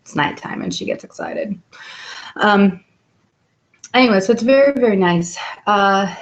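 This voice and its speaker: Lady chatting live from home on a laptop cam, lowish voice, kinda dull lo-fi sound, lots of ums. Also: creaky. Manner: chatty and upbeat, with many ums. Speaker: host of a weekly live video hangout. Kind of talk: casual live webcam talk. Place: home at night. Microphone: laptop webcam mic.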